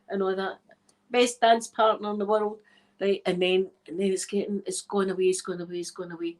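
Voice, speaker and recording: A woman's voice: medium pitch, level tone, a little fast, a little mellow. A Scottish woman, an ASMR creator, chatting casually to her viewers as she tells a story, laughing often and checking in with "right?". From Scotland.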